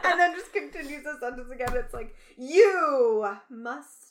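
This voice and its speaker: A young Canadian woman co-hosting a podcast in casual chat, sarcastic and quick to laugh. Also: sits high, background noise. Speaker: podcast co-host.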